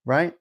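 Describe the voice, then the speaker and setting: A man hosting a casual live-stream talk show, chatting loosely, rambling in asides and greeting viewers by name. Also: lo-fi sound. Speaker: livestream talk show host.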